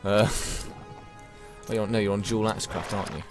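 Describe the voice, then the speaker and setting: A man's voice: on the low side, flat delivery, measured pace, music in the background. A man giving chatty, self-deprecating commentary while streaming a game and answering chat. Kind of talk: casual gameplay commentary.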